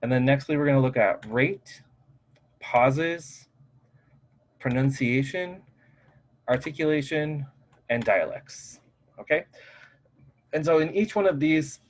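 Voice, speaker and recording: A man's voice: mid-range voice, rough recording. A man teaching a casual recorded lecture in a loose, conversational way, with many filler "like"s, into his own microphone. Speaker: college instructor. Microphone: personal microphone.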